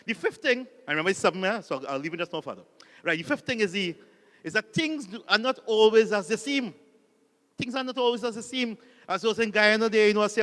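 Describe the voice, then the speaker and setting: A man's voice: sits high, fairly bright tone, in a large hall. A man with a Trinidadian accent, a Catholic priest giving a humorous motivational talk full of stories and audience call-and-response. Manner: jokey storyteller, calls on the audience to repeat lines.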